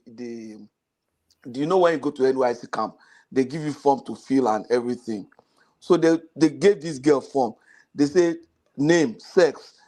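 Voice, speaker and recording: A man's voice: medium pitch, darkish tone. A middle-aged man, chatting on a panel and telling jokes and stories, laughing at his own punchlines. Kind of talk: casual panel chat.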